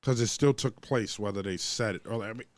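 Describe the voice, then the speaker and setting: A man's voice: fairly low pitch, fairly quick, no room sound, clean studio sound. A man co-hosting a podcast, ranting in heated, profane casual talk and mimicking the people he quotes. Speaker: podcast co-host. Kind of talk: casual debate and storytelling.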